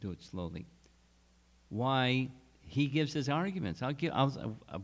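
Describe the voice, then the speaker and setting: A man giving a scripture lecture at a retreat, explaining slowly and deliberately, with restarts. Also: mid-range voice, very animated. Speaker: spiritual teacher.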